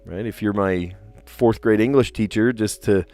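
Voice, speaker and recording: A man in his thirties, a teacher, chatting casually on his puzzle livestream, relaxed and chatty with lots of fillers and easy laughs. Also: fairly low pitch, normal speed, no room sound, faint music behind.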